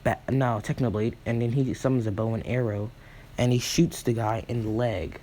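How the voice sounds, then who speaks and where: A man telling an improvised fan story off the cuff in a dark, mellow voice. He rambles, restarts and corrects himself constantly, slipping into quick asides for each character's lines. A faint hum sits behind him. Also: medium pitch, fairly even intonation, rough recording. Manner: rambling, full of fillers and self-corrections. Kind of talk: improvised fan-fiction retelling.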